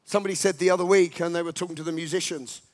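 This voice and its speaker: Male preacher with a high voice, emphatic and repetitive, swinging from quiet asides to loud calls to action. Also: fairly even intonation, rapid-fire. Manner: emphatic, repetitive exhortation with sudden loud rallying cries. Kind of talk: sermon.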